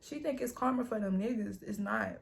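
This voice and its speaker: A woman's voice: mid-range voice, huge pitch swings, fairly quick, vocal fry. A young woman hosting a vlog, telling a story in blunt, profane, casual chat. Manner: blunt, profane, streetwise talk. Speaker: vlog host.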